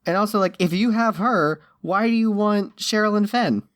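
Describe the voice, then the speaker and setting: A man's voice: high voice, normal speed, fairly bright tone, no room sound, clean studio sound. A man co-hosting a podcast in casual chat, with wry, sardonic quips. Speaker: podcast co-host.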